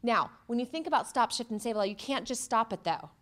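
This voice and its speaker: A woman psychotherapist giving a workshop presentation, talking conversationally, asking the audience questions and acting out quoted remarks with lively jumps in voice. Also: fairly high pitch, quick pace. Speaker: cancer psychotherapist.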